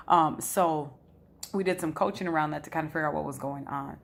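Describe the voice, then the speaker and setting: A woman's voice: deep voice, steady tone, fast. A woman life coach giving a casual teaching talk at a whiteboard, telling a client story in a chatty way. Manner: chatty storyteller who acts out quotes.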